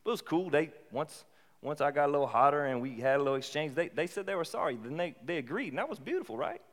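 A man preaching a sermon in a casual, conversational way that rises into animated bursts. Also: fairly high pitch, quick pace. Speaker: pastor. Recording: long hall reverb.

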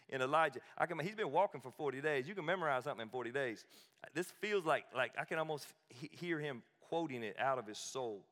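A man's voice: mid-range voice, expressive, quick pace, a bit bright, long reverb tail. A male pastor preaching a sermon in a conversational, emphatic way, with asides and repeated phrases.

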